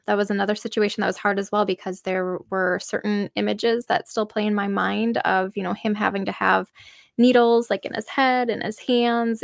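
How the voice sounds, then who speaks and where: Woman, young adult, earnest storytelling, a bit gravelly, dry close sound. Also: mid-range voice, no echo. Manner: earnest, emotional, many fillers. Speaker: mother telling her birth story. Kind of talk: personal storytelling.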